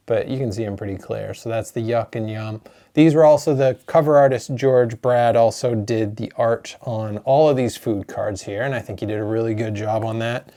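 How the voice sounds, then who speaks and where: A man, a board game designer chatting excitedly through an unboxing of his own game, openly emotional. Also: medium pitch. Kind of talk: unboxing vlog.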